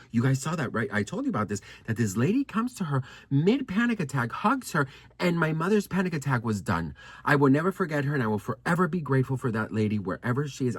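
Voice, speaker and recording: A young man chatting to his viewers in a sassy, animated way, storytelling and gossiping as a vlogger. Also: medium pitch, slightly rough, no room sound. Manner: animated, sassy, addresses viewers as girl and honey.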